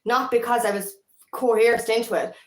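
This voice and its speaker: A woman's voice: on the high side, steady tone, normal speed, echoey room, low-quality recording. A woman with an Irish accent, a feminine empowerment coach talking candidly in a casual vlog, rambling and swearing freely.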